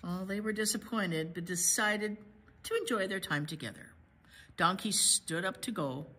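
A woman librarian reading a picture book aloud to children, pausing to chat about the pictures. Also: mid-range voice, pushed and bright. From United States. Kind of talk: children's story read-aloud.

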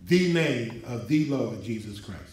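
A male pastor preaching an emphatic sermon, his voice rising in pitch as he drives points home to a responding congregation. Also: animated, a little slow, darkish tone. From United States. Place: church hall. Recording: echoey hall from far off.

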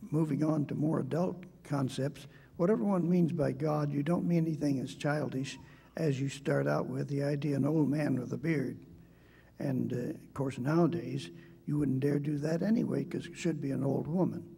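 This older man speaks in a gravelly, husky voice that sits a little high for a man. His tone is mellow and soft-edged. He recalls his boyhood slowly at a debate, pausing often and restarting his sentences as he goes. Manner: halting, with frequent hesitations and restarts. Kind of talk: reflective storytelling in a debate speech.

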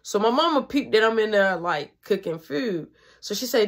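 A woman telling a personal story in casual, fast, profane slang. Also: mid-range voice, animated. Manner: fast, profane, slangy, drops to a hush when retelling night scenes.

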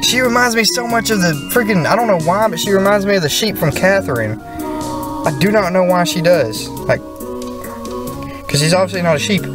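A chatty man giving casual commentary while he plays a video game. His pitch jumps around a lot as he reacts, and game music plays steadily behind him. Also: lively intonation, normal speed. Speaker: let's play gamer.

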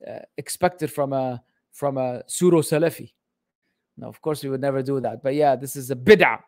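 A man's voice: medium pitch, fairly even intonation, normal speed, darkish tone, no room sound, clean studio sound. A man teaching Islamic studies in a casual livestream Q&A, joking and exasperated as he answers questions.

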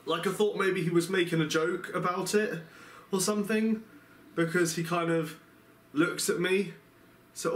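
A man's voice: high voice, a little slow, a bit bright, breathy edge. Exasperated young Englishman, slightly raised voice. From England. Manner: exasperated, rambling, self-mocking. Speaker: travel vlogger. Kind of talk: casual storytelling to camera. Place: outdoors at night in a city.

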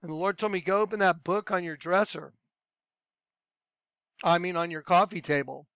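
A man preaching informally in a rambling, excitable way, full of fillers and sudden bursts of raised voice. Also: high voice, moderate pace, gravelly, smooth, dry recording. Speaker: online preacher.

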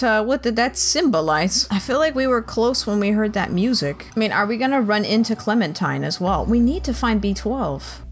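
An animated woman narrating her own playthrough, her pitch leaping up and down as she jokes with the game characters. She keeps up an easy let's-play chatter, with a touch of faint music underneath. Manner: chatty, joking, reacting aloud and talking to game characters. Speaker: gaming channel host. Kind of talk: casual let's-play commentary.

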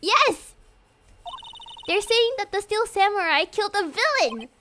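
A woman voicing an excitable teenage girl who bursts out loudly and eagerly. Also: very high voice, normal speed, a little hiss or hum, pitched above the performer's own voice, exaggerated voice. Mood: frantic. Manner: bubbly, eager, loud outbursts. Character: excitable teenage girl, spirit medium assistant.

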